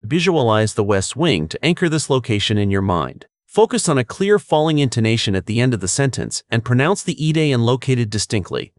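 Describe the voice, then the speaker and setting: A man reads test-prep coaching from a script in a clear, measured voice. His pitch sits at an ordinary middle for a man, and the sound is dry with no room echo. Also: sing-song. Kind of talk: scripted instructional narration.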